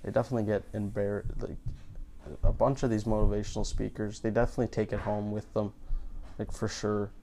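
A man's voice: on the low side, flat delivery, fairly quick, warm tone. A man comedian in casual podcast chat, rambling through riffs with frequent stammers and restarts.

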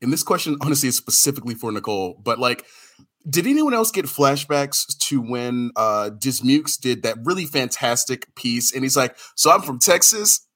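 Bright-voiced laughing podcast panelist man. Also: medium pitch, moderate pace. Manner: animated, laughing, self-deprecating. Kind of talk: casual chat.

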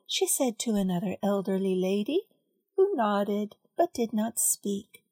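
A woman reading a children's story aloud, carefully and clearly. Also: mid-range voice, expressive, unhurried, darkish tone, no room sound, studio quality.

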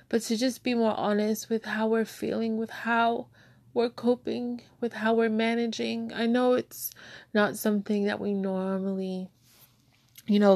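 A tearful woman shares her emotions in a frank monologue, pausing and hunting for words as she becomes emotional. Her mid-range voice is gravelly and a little mellow, and the recording is dry.

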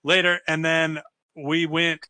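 A man telling a story in casual podcast chat, relaxed, laughing and quoting himself in a lifted voice. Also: a little high, takes it slowly, no room sound. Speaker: podcast co-host.

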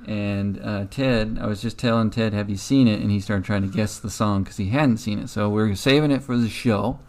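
A man's voice: on the low side, steady tone, moderate pace. A man co-hosting a comedy podcast in casual chat, wry and teasing. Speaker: podcast co-host.

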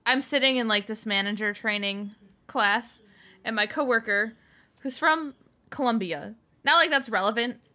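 A woman in her twenties co-hosting a casual podcast from home, talking fast and candidly with frequent laughs. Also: on the high side, bright, forceful tone. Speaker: podcast co-host. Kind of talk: casual chat.

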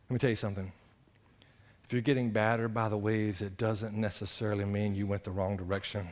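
A man preaching a sermon, animated and conversational, swinging between loud exclamations and hushed earnest passages. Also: lowish voice, fairly quick. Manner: conversational, addresses the congregation directly. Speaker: pastor.

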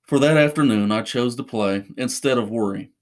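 A man narrating a first-person horror story in a measured, suspenseful way. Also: mid-range voice.

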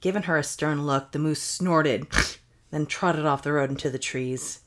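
A woman's voice: sits low, unhurried, fairly bright tone. A woman co-hosting a comedy podcast, reading a story aloud with playful banter and frequent laughter. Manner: playful, laughs often, breaks into silly voices.

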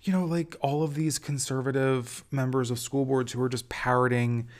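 A man's voice: medium pitch, little pitch movement, normal speed. A man hosting a casual solo review podcast, talking in an amused, enthusiastic way with lots of fillers and restarts. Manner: chatty, rambling with many fillers and restarts. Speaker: TV critic podcast host.

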